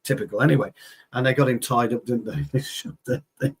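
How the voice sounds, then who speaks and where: Brief: man, co-host, rowdy and jokey, husky voice with a mid-range pitch, swears a lot. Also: a little fast. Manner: boisterous, joking, swears freely. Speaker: football show co-host. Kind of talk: casual chat.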